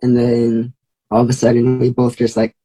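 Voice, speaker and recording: A man's voice: mid-range voice, completely flat delivery, moderate pace, warm tone, husky, poor audio. A young man telling a story as a guest, chatty, with many fillers. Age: young adult. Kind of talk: casual storytelling.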